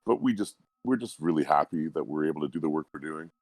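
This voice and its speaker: A man with a very low, deep voice talks about his work in an easygoing interview. He sounds humble and reflective. His voice is dry and close, with no room echo. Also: expressive, fast talker, darkish tone. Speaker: guest voice actor. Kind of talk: relaxed interview conversation.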